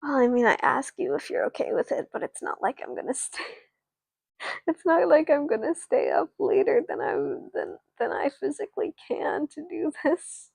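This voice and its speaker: A woman's voice: high-pitched, sing-song, normal speed, gravelly, darkish tone, no echo. A sleepy woman narrating a doll story on a live stream, rambling and chatting with viewers. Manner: rambling, with restarts and asides to viewers.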